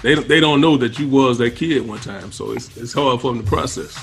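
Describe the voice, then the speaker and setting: A man's voice: medium pitch, a little fast, vocal fry, faint music behind. A man joking in casual, profane podcast banter. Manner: joking, profane, laid-back.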